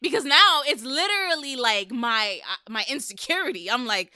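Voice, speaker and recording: A woman in her thirties hosts a casual podcast chat, her voice bright and crisp, a little higher than most. She talks candidly and swears freely, and the sound is close and dry. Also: animated, moderate pace, few pauses, no echo. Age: 30s. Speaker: podcast host.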